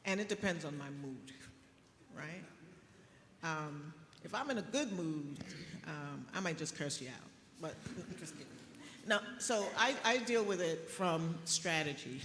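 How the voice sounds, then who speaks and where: A middle-aged woman physician speaking on a conference panel, telling stories in a lively way with laughs. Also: low voice, measured pace, a little hiss or hum. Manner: animated storytelling with laughs. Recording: echoey hall with faint ambience.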